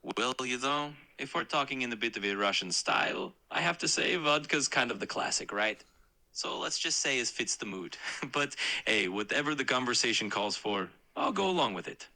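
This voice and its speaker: A man's voice: medium pitch, lively intonation, moderate pace, sharp tone, rough recording. A man's synthetic voice-assistant voice, eager and agreeable, played from a phone speaker.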